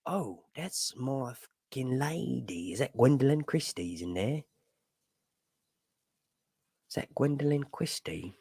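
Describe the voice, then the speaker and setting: A young man hosting a casual live stream, chatting with viewers in a jokey, animated way and swearing casually. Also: medium pitch, takes it slowly, long pauses, slightly rough, dry recording, studio quality. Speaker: YouTube host reading viewer chat.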